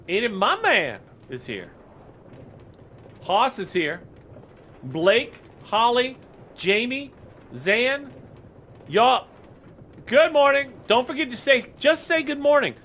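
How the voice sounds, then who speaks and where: A man's voice: high-pitched, very animated, takes it slowly, pauses often, fairly bright tone, slight background noise. A man casually chatting on a live game stream, greeting viewers by name and rambling with fillers.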